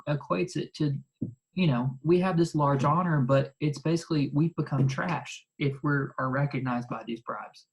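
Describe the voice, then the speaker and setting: A teacher giving a casual, animated recorded lecture, leaning on "like" and tossing in exasperated asides. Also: mid-range voice, a little fast, poor audio. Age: adult. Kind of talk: recorded lecture explaining a play.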